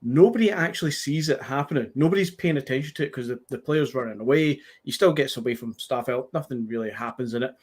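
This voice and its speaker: A man's voice: mid-range voice, fast, few pauses, darkish tone, husky. A man with a Scottish accent, earnestly making his case about a match in casual podcast chat. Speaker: podcast co-host.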